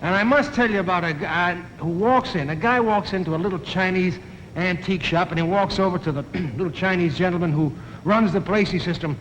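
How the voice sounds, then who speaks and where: A man from New York tells jokes in a high, chatty, playful voice on a television stage. The audio is an old broadcast with a long hall echo and faint background hiss. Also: a little fast, fairly bright tone. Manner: chatty, joke-telling, playful. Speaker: comedian. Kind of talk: stand-up storytelling.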